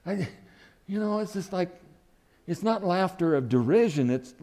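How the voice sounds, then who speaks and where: A man's voice: sits high, slow, pauses often, dark tone. A man preaching a sermon who acts out quoted lines with sudden rises and dips in his voice.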